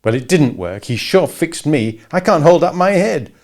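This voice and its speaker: A man voicing a resentful, sulky teenage boy, loud and complaining. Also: a little high, big pitch swings, moderate pace, pitched above the performer's own voice.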